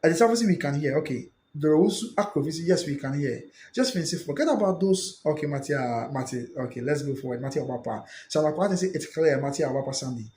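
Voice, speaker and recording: A Ghanaian man hosts a live stream, reading viewer comments aloud and answering them in a blend of English and Twi. His voice sits a little high and rises and falls a lot as he reacts. The room around him echoes. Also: animated, fast talker, few pauses, darkish tone, a little hiss or hum. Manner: mixes English with Twi, reacts and repeats phrases.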